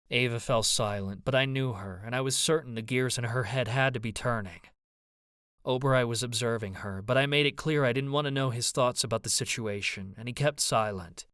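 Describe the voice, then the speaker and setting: A man's voice: mid-range voice, fairly bright tone, clear, resonant tone, no echo, studio quality. A man narrating an audiobook in first person, with a brooding, introspective manner.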